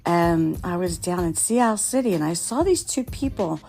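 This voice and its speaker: A woman telling funny stories of her own on her podcast, in a chatty, animated way. She laughs a lot, and her voice jumps up high whenever she gets excited. Faint music sits low behind her. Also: moderate pace. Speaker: podcast host. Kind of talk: casual storytelling monologue.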